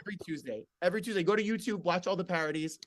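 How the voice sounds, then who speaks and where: A man's voice: sits high, very fast, no echo, studio quality. A man hosting a casual chat show, effusive and gushing with gratitude toward his guest. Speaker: host.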